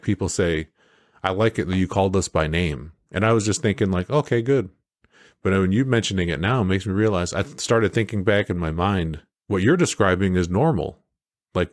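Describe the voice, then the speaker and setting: Deep-voiced reflective male host. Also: no echo, clean studio sound. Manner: reflective, asks questions and adds quick quips. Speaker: podcast host. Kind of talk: casual conversation.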